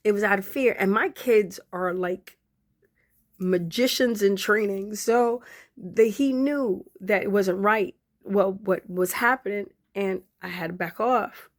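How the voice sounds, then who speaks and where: A woman's voice: medium pitch, unhurried. Podcast host, woman in her forties, emotional, on the verge of tears, speaks straight to her listeners. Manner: emotional, near tears, fighting back crying; conversational, addresses listeners directly. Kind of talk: emotional personal talk to followers.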